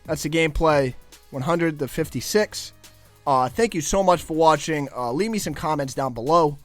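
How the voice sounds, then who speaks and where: A man's voice: fairly high pitch, moderate pace, no room sound, faint music behind. A young man, a guest commentator, chatting casually over gameplay footage and stumbling over his words as he rambles.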